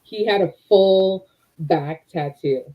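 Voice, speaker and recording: A woman's voice: mid-range voice, slow pace. A tipsy woman hosting a casual livestream, laughing often and teasing her company. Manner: giggly, teasing. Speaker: livestream host. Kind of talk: casual chat. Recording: dull lo-fi stream audio.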